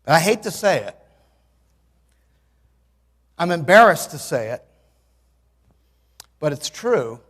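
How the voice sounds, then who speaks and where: Man, sixties, sermon, lively storytelling, dry humor, bright tense tone, long church-hall reverb. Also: on the high side, slow pace, long pauses. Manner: animated storytelling, bursts into loud exclamations. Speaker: preacher. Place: church sanctuary.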